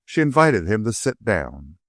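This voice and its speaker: A man narrating an audiobook in an expressive, varied delivery on a close mic. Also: fairly low pitch, a little slow, no room sound. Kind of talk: scripted narration.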